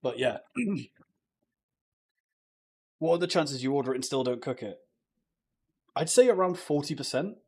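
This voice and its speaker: A man's voice: a little high, lively intonation, normal speed, pauses often. A young British man chatting casually on a live stream, joking with viewers and swearing freely. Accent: British English. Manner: swears a lot, loose and joking, talks to chat.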